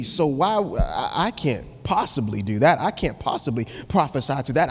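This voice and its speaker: A young adult man preaching a live sermon in a large church hall, reading scripture and praying in a rhythmic cadence that swells into emphatic hollering. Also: on the high side. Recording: long reverb of a church hall with music behind.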